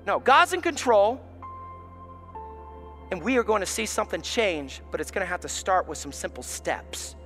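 A man, preaching a sermon as pastor, swinging from hushed tones to shouts. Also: high-pitched, animated, moderate pace, pauses often, faint music behind.

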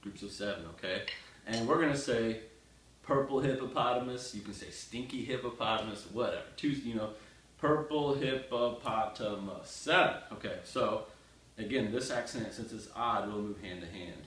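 A man's voice: lowish voice, moderate pace. A man teaching a casual music lesson, chanting counts and rhythm words aloud and talking to the student in a joking, direct way. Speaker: drum teacher. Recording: roomy sound from a distance with loud noise.

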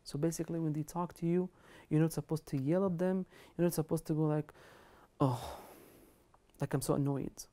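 Woman, religious lecture, emphatic, lowish voice, mellow tone. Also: steady tone, fast talker. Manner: earnest, emphatic, quotes Arabic scripture and scholars. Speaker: Islamic lecturer. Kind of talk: religious lecture on kindness to parents.

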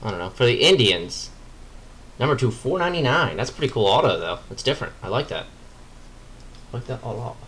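A man hosting a card break, chatting casually and excitably as he opens packs and reads out the players and teams. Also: mid-range voice, fairly quick, long pauses. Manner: chatty, excitable, muttering asides while opening packs. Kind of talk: live card-break commentary.

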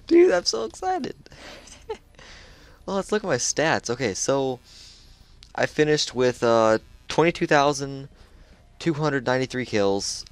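A man's voice: on the low side, no room sound. A man chatting casually over his own gameplay, laid-back and loose, full of dude and like. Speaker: gamer sharing a match.

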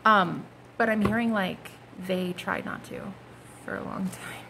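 A woman's voice: medium pitch, measured pace, gravelly, heavy background noise. A woman giving a casual, gushing tarot reading, full of slang and asides. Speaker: tarot card reader.

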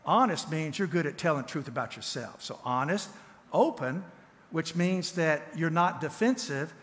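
A man's voice: a little high, a bit bright. Southern man teaching in a reverberant church. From Tennessee, USA. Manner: folksy, conversational, repeats words and restarts. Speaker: guest speaker and counselor. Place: church sanctuary.

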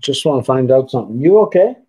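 A man's voice: medium pitch, very animated, quick pace, warm tone, husky, low-quality recording. A man hosting a livestream, chatting casually with viewers and reading their comments in a rambling, meandering way. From Canada. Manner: rambling, chatty, trails off mid-sentence. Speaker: livestream host. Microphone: computer desk setup.

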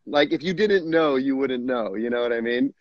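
A man's voice: mid-range voice, lively intonation, moderate pace, highs cut off, crowd noise. A middle-aged man, a guest actor, telling stories in a casual interview with frequent laughs and restarts. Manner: chatty storyteller, laughs often, frequent restarts. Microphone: video call.

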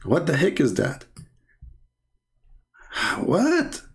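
A man's voice: fairly high pitch, normal speed. Sarcastic Arabic-accented man, mocking. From Arab world. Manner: taunting, sarcastic, repeats words in bursts. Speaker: Christian apologist. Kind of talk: mocking polemical commentary.

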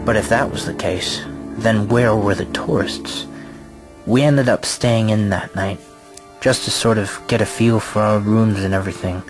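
Male narrator for a spooky audio story, steady delivery, lower voice, clear music bed. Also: a little slow. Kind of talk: scripted narration.

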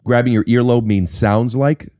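A man's voice: medium pitch, fairly even intonation, moderate pace, dark tone, no echo. A man hosting a podcast, explaining things in a playful, mock-serious way into a studio mic. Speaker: podcast host and actor. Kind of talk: casual podcast chat.

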